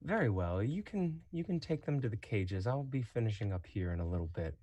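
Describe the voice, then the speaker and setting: A man voicing a sinister male inquisitor in a tabletop game, with slow, soft, mocking courtesy. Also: on the low side, sing-song, no room sound. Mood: silky menace. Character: sinister male inquisitor, smoothly polite and menacing.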